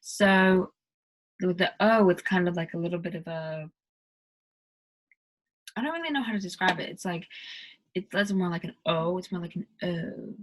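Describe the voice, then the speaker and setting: A woman's voice: fairly low pitch, normal speed, pauses often, poor audio. An American woman casually explaining pronunciation in a tutorial, with lots of "like" fillers. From United States. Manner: chatty, heavy use of "like" fillers. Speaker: accent tutorial vlogger.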